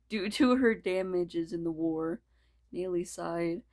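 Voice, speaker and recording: A woman's voice: on the low side, steady tone, normal speed, a little mellow. A woman reading a fan story aloud, often stumbling and restarting her words. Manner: stumbling, restarting, laughing asides. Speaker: reader.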